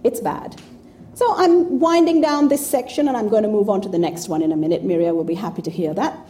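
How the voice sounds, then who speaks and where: A woman's voice: mid-range voice, a little fast, warm tone. A woman in her fifties giving an informal talk to an audience, blunt, profane and sarcastic. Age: 50s. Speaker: speaker addressing an audience.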